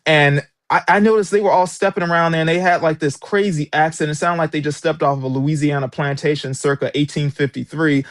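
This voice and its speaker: A man's voice: fairly high pitch, steady tone, fairly quick, few pauses, dry recording, clean studio sound. A man who is an author and former substitute teacher, giving an interview and telling his story with emphatic, indignant energy. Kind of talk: interview guest recounting experiences.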